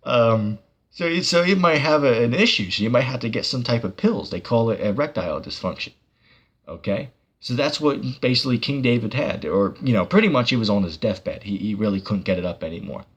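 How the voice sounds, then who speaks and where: A man's voice: medium pitch, expressive, fairly quick, breathy edge. A man hosting a casual livestream, reading viewer comments and talking about scripture in a rambling way, full of fillers and restarts.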